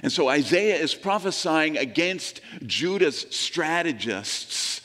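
An earnest male pastor preaching a sermon, his voice sitting a little higher than most men's. He slows down and sinks low on the scripture lines, then lifts for emphasis. A long reverb trails after his words in a large room. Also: expressive, a bit bright.

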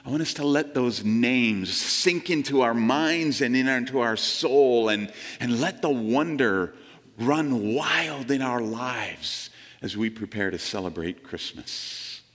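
A man preaching a sermon in an earnest way, slowing down and dropping low as he reads scripture and lifting his voice to stress a point. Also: lively intonation, fairly bright tone, in a large hall. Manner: earnest, slows and drops low on scripture, lifts for emphasis. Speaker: pastor.

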